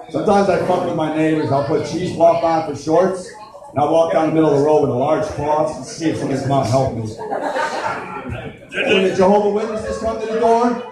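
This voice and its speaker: A man doing crude, rowdy stand-up comedy at a live show. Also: on the high side. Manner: crude, rowdy joke delivery. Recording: echoey live venue from far off with crowd.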